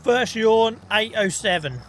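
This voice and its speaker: Bright-voiced man rambling on stream. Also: sits high, expressive, unhurried, a little hiss or hum. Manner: rambling, self-deprecating, swears casually. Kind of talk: casual gaming stream chat.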